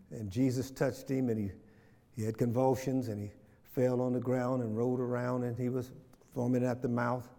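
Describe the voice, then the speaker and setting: A man's voice: mid-range voice, gravelly, dark tone. Fervent man teaching in an echoing church. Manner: builds from conversational to fervent preaching; asks the room questions, repeats phrases. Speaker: Bible study teacher. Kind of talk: church teaching with call and response.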